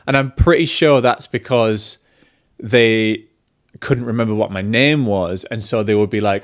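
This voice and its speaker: This film vlogger speaks in a lowish, somewhat slow voice, chatting in a relaxed way. He pokes fun at himself and wanders into tangents as he talks.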